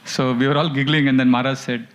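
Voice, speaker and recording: A man's voice: mid-range voice, little pitch movement, fast talker. A man teaching a devotional class, telling stories with animation and chanting verses. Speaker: spiritual teacher.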